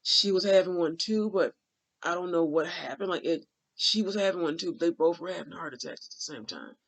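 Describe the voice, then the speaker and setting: A man recounting a vivid dream in casual, rambling speech, emotional and full of fillers, sometimes dropping to a hushed aside. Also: fairly high pitch, a little fast, vocal fry. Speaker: dream channeler.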